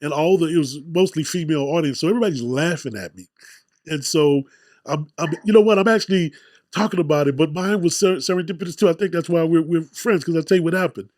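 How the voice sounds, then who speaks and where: A man's voice: fairly high pitch, quick pace, a little mellow, no room sound, studio quality. A man hosting a podcast interview, chatting and telling his own story with self-deprecating humor. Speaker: podcast host. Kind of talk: casual interview chat.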